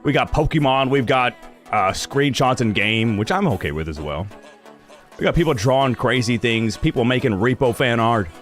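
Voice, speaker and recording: A man's voice: medium pitch, animated, normal speed, faint music behind. A young man streaming live, chatting casually with his viewers, ranting animatedly and swearing freely.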